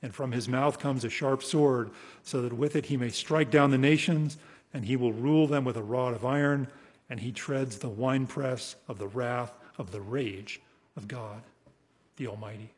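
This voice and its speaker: A male preacher giving an expository sermon, emphatic, slowing down to read scripture and trailing off softly at the ends of phrases. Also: medium pitch, husky. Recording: long hall reverb.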